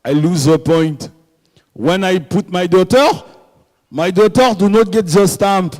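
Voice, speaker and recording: A man's voice: medium pitch, very slow, husky, pitched below the performer's own voice, poor audio. A man voicing a bumbling male traveller with a put-on French accent, telling a rambling comic story.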